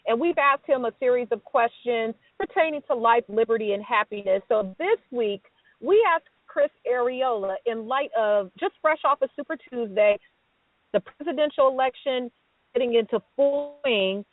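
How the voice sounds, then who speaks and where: Upbeat female radio co-host, slightly high voice, dry phone-like audio. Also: animated, moderate pace, no room sound. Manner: upbeat, laughing, chatty. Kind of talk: casual radio talk show hosting. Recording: dry, tinny phone-like sound.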